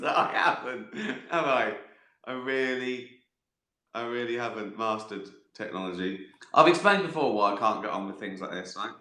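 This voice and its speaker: A man chatting casually on a livestream, rambling through viewer questions with chuckles and cheerful swearing. His voice sits mid-range and he speaks slowly and unhurried. The sound bounces around a noticeably echoey room. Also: mid-range voice, sharp tone. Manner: rambling, chuckling, swears freely, jokey asides. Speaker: host answering viewer questions. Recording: roomy echo.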